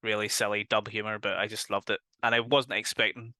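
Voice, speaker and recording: A man's voice: fairly low pitch, level tone, brisk, pushed and bright, dry recording. A man with a Northern Irish accent, co-hosting a casual podcast. He talks eagerly, laughs a lot and swears freely. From Northern Ireland. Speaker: podcast co-host. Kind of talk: casual chat reviewing a film.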